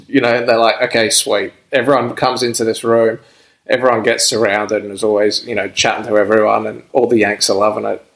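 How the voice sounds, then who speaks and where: A man's voice: mid-range voice, poor audio. A young Australian man, a podcast guest, telling a rambling story in casual chat and laughing as he goes. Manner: laid-back, rambling, laughs through his story.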